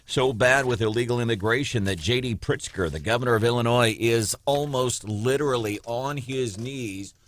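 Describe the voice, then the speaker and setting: A man's voice: medium pitch, normal speed, hardly any pauses. A man hosting a morning talk radio show, giving sarcastic, combative commentary on the news. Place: radio studio.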